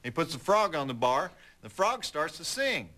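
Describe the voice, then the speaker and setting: A middle-aged man hosting a late-night movie show, telling stories and jokes in a wry, deadpan way. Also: on the high side, normal speed. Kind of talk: folksy TV host patter and joke telling.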